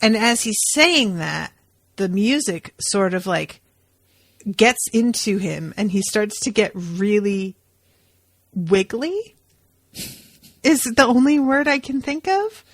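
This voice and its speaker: A woman talks through a show on her podcast in a loose, animated way, swearing now and then. Her voice sits in an ordinary middle pitch. The sound is close and dry, with no room in it. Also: takes it slowly, pauses often, no echo. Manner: animated, profane storytelling. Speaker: podcast co-host. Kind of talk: casual podcast chat.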